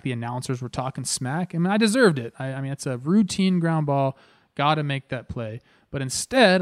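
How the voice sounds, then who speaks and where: A man in his thirties hosting a podcast, telling a story in a casual, animated way. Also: medium pitch, clean tone, no echo, clean studio sound. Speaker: podcast host.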